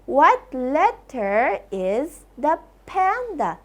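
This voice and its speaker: Slow, sing-song woman teaching phonics. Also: high-pitched, big pitch swings. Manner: sounds out letters, warm coaxing praise. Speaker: kindergarten English teacher. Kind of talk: slow phonics lesson for young children.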